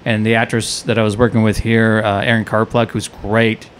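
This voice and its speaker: A man, a comedian and actor, guesting on a studio podcast and telling an anecdote in a relaxed, halting way. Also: fairly low pitch, a little hiss or hum. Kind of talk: casual chat, anecdote telling.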